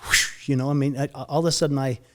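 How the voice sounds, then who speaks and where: A middle-aged man recounting a near-death experience in an interview, halting and repeating words, his voice sinking low and quiet at the hardest moments. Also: fairly even intonation, noisy background. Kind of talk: emotional personal storytelling.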